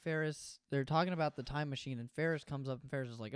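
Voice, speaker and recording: A man co-hosting a casual chat recap of an anime, blunt and opinionated and quick to swear. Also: mid-range voice, clean tone, no echo, studio quality. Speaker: podcast co-host.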